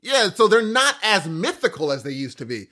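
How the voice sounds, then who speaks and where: A man co-hosting a podcast in casual chat, animated, often cutting in and restarting his sentences. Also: high voice, moderate pace. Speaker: podcast co-host.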